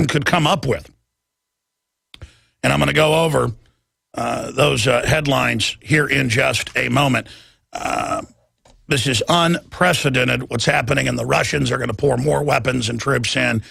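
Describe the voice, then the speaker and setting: A man hosting a radio talk show, ranting in a heated monologue and often shouting as his pitch climbs. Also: measured pace, creaky, breathy edge, no echo. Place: radio studio.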